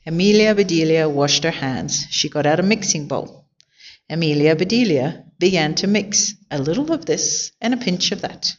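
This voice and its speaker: A woman reading a children's picture book aloud in a clear, expressive way. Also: low-pitched, normal speed, lo-fi sound. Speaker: storyteller.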